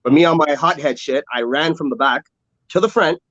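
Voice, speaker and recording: A man's voice: a little high, a little fast, a bit bright, no room sound, muffled recording. A man on a casual podcast, laughing often while recounting an old bar fight. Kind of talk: casual storytelling chat.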